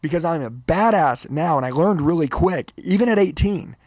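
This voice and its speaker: A man telling his story as a guest in an interview, in an energetic, emphatic and slangy way. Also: a little high, normal speed, no room sound, clean studio sound. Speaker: sales trainer guest.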